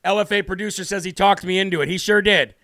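A man's voice: high voice, steady tone, quick pace, bright, forceful tone, dry recording, clean studio sound. A man hosting a live political talk show, brash and combative, with mocking asides to viewers. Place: home studio.

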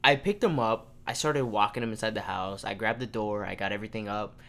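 Animated young man telling a story. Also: on the low side, brisk. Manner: animated storyteller, acts out quotes, swears freely. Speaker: podcast host. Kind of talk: casual storytelling.

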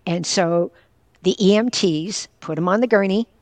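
Earnest and candid, an older woman from northwestern Pennsylvania who once taught and now works as a caregiver shares a personal story as an interview guest, quoting others directly. Her lowish voice is a little mellow at normal speed, with no room sound.

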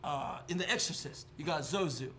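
A man's voice: a little high, moderate pace, pushed and bright, slight background noise. A young man hosting a podcast, chatting casually and telling jokey stories full of swearing. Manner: profane, rambling, jokey storytelling. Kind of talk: casual chat.

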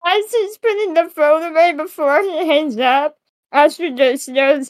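A woman with a very high voice joking around as a player in a tabletop game. Her sound is dry and close. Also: measured pace, no room sound. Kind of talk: casual tabletop play.

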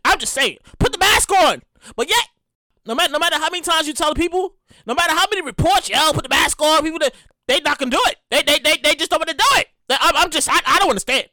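A man hosting his own podcast in a casual solo monologue, animated and profane, often repeating himself. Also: extremely high pitch, fast, dry recording. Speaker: podcast host.

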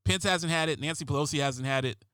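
A man's voice: fairly high pitch, fast talker, sharp tone, clear, resonant tone, dry recording. A man doing a sarcastic, rambling comedic monologue as host, often restarting his sentences.

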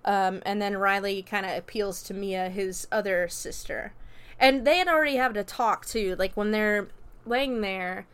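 A woman's voice: medium pitch, a little slow, a bit bright, smooth. A woman casually recapping a movie plot in a chatty, loose way, full of "like" and "you know" and freely dropping swear words. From America. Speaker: movie reviewer.

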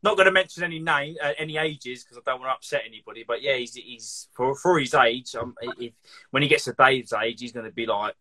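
A man hosting a casual chat, an animated storyteller who laughs and swears freely. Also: mid-range voice, fairly quick. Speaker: podcast host.

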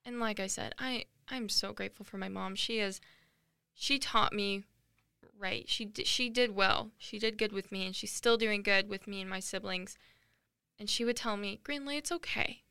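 A woman's voice: mid-range voice, fairly even intonation, normal speed, gravelly, bright, forceful tone, clear, resonant tone, dry recording, studio quality. A young woman in her late teens hosting a podcast, talking earnestly and emotionally in a rambling personal monologue with many fillers. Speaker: podcast host.

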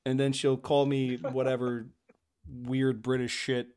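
A man's voice: medium pitch, monotone, slow, darkish tone, clear, resonant tone. Rambling, teasing male podcast host. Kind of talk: casual chat.

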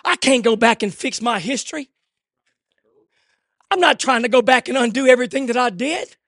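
A middle-aged man preaching an impassioned sermon, swinging between shouted fervor and hushed, intimate asides. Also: extremely high pitch, normal speed, no room sound, studio quality.

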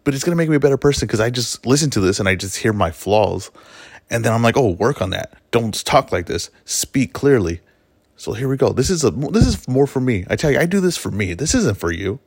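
A man's voice: mid-range voice, sing-song, fast, slightly rough, dry recording. A man hosting his own podcast, giving an emphatic, opinionated monologue and often correcting himself mid-sentence. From Mexican heritage. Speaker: podcast host. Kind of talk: solo podcast monologue on fights.

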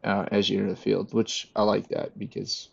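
A man chatting casually with friends, relaxed and laughing between points. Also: lowish voice, moderate pace, creaky, breathy edge, lo-fi sound. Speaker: podcast co-host. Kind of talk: casual chat.

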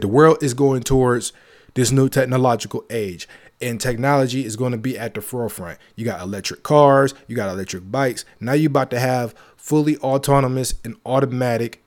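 A man hosting his own show, talking in a casual monologue, emphatic and repetitive, with joking asides. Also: medium pitch. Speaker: podcast host.

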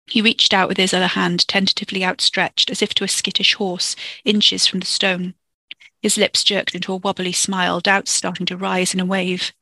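A storyteller reading a dark fiction chapter in a steady, measured way into a close microphone. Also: mid-range voice, gravelly, dry recording. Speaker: podcast storyteller. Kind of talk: audiobook-style fiction narration.

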